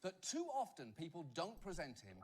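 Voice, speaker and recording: A British man hosting a satirical news comedy show, delivering a sarcastic monologue full of quick jokes. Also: fairly high pitch, wildly swooping pitch, very noisy.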